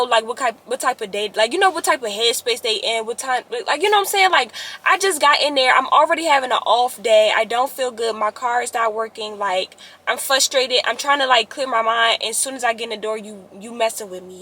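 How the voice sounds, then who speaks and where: A young woman, telling a story to her viewers in a casual, animated way, often rising to exasperated outbursts. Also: high voice. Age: young adult.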